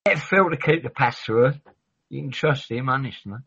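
A man's voice: medium pitch, normal speed, bright, forceful tone, breathy edge. A man talking in a rambling, sweary, argumentative way in a heated casual chat. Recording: dull lo-fi audio.

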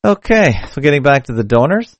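Very animated and quick, the man's mid-range voice carries his rambling solo live stream, where he keeps revising what he says mid-sentence. He's a podcast host using a mic routed through a hardware audio box; the sound is dry with no room echo, and the high frequencies are cut off.

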